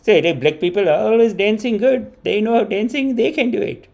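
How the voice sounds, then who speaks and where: A man doing his excited mother. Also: high-pitched, a little fast, vocal fry, pitched above the performer's own voice. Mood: matter-of-fact. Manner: excited, repetitive, broken English. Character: older immigrant mother, broken English, delighted.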